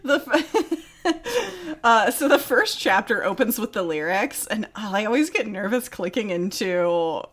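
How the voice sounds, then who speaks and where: A woman's voice: on the high side, big pitch swings, a little slow. A woman co-hosting a podcast in casual chat, often laughing mid-sentence. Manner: giggly, laughs often while talking. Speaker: podcast co-host.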